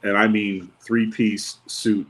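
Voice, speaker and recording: A man's voice: lowish voice, flat delivery, slow pace, fairly bright tone, poor audio. A man on a podcast, a wrestler and former bodyguard, telling a long anecdote in a laid-back, wry way and acting out what other people said. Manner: laid-back, wry storyteller who acts out quotes. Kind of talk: storytelling anecdote in casual chat.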